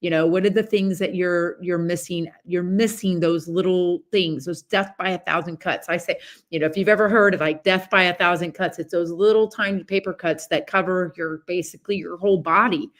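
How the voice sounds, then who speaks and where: A woman hosting a podcast, talking in a casual, chatty motivational monologue with many fillers and lively storytelling. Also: lowish voice, a little fast. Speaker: podcast host.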